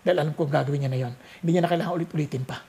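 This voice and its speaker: A preacher doing a calm Filipino grandmother. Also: medium pitch, racing, lightly acted. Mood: reassuring. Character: gentle old grandmother, calm and sure.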